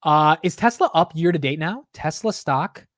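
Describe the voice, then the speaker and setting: A man's voice: fairly high pitch, moderate pace, no room sound, clean studio sound. Hyped-up man riffing on live stock moves. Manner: excitable, profane, talks straight to chat. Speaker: stock market livestream host. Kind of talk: casual live market commentary.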